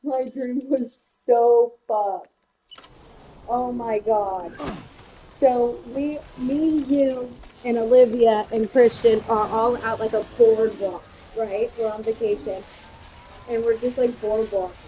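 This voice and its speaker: A woman streamer chatting casually while she games, telling stories in an animated way, acting out quotes and swearing freely. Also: a little high, slow, rough recording. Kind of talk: casual chat while gaming.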